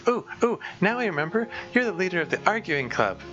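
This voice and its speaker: A man putting on an eager, clumsy teenage schoolgirl for a game playthrough, nervous and sincere, pitched well above a man's range. The sound is dull and lo-fi, with music playing behind. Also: lively intonation, normal speed. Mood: excited. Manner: high, bright put-on girlish voice, nervous and earnest.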